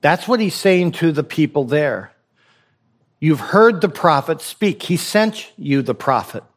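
A man's voice: on the high side, lively intonation, measured pace. A man preaching a sermon to his congregation, pressing his point with rhetorical questions and repeated phrases. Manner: exhorting, rhetorical questions, repetition for emphasis. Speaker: pastor.

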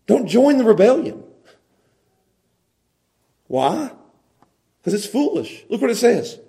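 Animated high-voiced preacher man. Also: vocal fry. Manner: animated preaching, swinging from loud emphasis to quiet asides. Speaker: pastor. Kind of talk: sermon.

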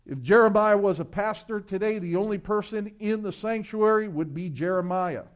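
Pastor, male, high voice, emphatic repetitive sermon delivery. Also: moderate pace, smooth. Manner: emphatic preaching, repeats phrases, reads scripture aloud.

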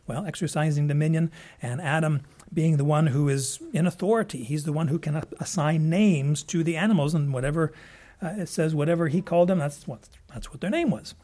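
A man teaches a passage like a sermon in a loose, conversational way, going back over words and adding asides. His voice sits a little high for a man. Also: brisk, dark tone. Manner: conversational, with frequent restarts and asides. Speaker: preacher.

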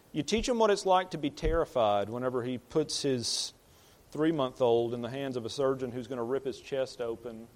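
This is a man at a medium pitch giving a conversational sermon as pastor. His delivery is plain-spoken, and he often repeats or restarts words as he builds toward a point. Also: darkish tone.

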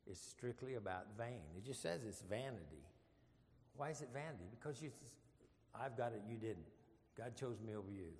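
A man's voice: fairly low pitch, darkish tone. An older man teaching a casual Bible study in church, folksy and rambling, with frequent chuckles. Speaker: preacher. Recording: long hall reverb.

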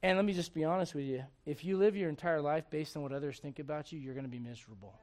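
A man's voice: a little high, fast, a little mellow. A male pastor preaching a sermon with emphatic storytelling and direct questions to the congregation.

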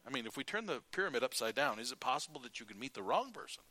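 A middle-aged male preacher giving a sermon, telling folksy stories, acting out quotes and often clearing his throat. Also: mid-range voice, very animated, very fast, sharp tone.

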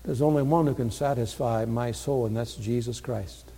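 Male preacher, mid-pitched, earnest sermon delivery with swings from quiet to loud, echoing sanctuary sound. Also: normal speed, gravelly. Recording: long hall reverb.

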